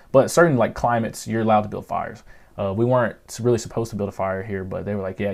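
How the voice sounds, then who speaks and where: Young male vlogger, low-pitched voice, casual and profane, emphatic storyteller. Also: creaky, a little mellow. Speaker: Marine Corps veteran vlogger.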